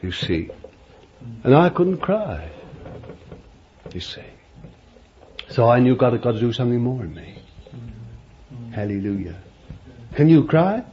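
A man's voice: medium pitch, lively intonation, measured pace, long pauses. An older man preaching a sermon, emphatic and chuckling often, repeating his phrases. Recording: dull lo-fi recording with faint background noise.

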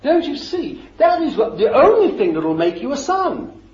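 Man preaching, high and lively voice, fervent and emphatic, echoey dull lo-fi recording. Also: moderate pace. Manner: fervent, emphatic, repeats phrases. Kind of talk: sermon.

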